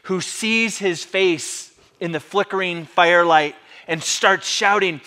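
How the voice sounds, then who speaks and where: A man's voice: fairly high pitch, normal speed, hardly any pauses, pushed and bright. A male pastor giving a sermon in a conversational, dramatic storytelling way.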